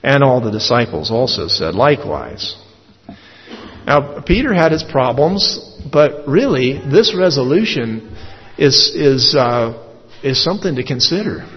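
A man's voice: mid-range voice, lively intonation, breathy edge. Guy doing a bible study verse by verse, lots of uhs, kinda muffled and echoey. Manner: measured, thoughtful, many filler "uh"s. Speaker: Bible teacher. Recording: dull audio with long hall reverb.

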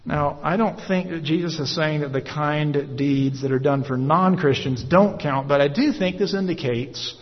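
Guy preaching a sermon, lots of uh pauses, muffled lo-fi sound. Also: a little high. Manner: measured, frequent "uh" pauses, explanatory. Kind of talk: verse-by-verse sermon. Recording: echoey hall, dull lo-fi sound.

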